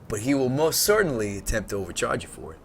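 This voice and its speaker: A courteous dwarf shopkeeper woman, played by a man reading for her. She speaks in a polite, businesslike way, softer than the narration around her. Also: medium pitch, big pitch swings, fast talker, creaky, soft background music.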